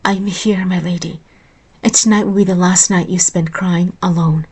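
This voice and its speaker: A woman voicing a devoted young male royal guard in a storybook reading, speaking softly and earnestly. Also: on the low side, steady tone, normal speed, husky. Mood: tender.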